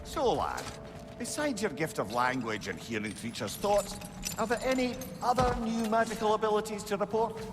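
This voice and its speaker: An actor playing a wry, worldly old talking head who makes dry, teasing asides as a chatty companion in video game dialogue. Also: male voice, sits high, sing-song, normal speed, in a large hall, music in the background.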